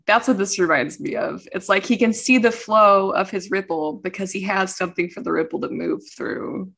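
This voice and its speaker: A woman's voice: medium pitch, normal speed, creaky, fairly bright tone, husky. Chatty woman on a podcast tangent. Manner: chatty, enthusiastic, goes off on tangents. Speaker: podcast co-host. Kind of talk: casual podcast chat.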